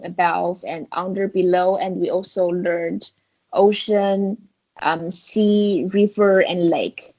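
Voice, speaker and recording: Woman Chinese teacher, slow and careful delivery, Chinese accent, patient explainer, online video-call lesson. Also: mid-range voice, a little mellow, low-quality recording. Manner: patient, explains step by step with examples.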